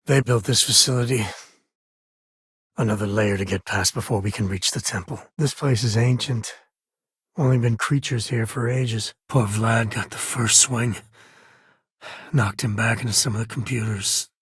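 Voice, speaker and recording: A man's voice: fairly low pitch, steady tone, normal speed, a bit bright, husky, no echo. An actor playing an easygoing male space cowboy companion in a video game, with a wry, laid-back drawl and dry humor. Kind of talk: game voice lines. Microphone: close studio mic. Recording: dry close studio recording.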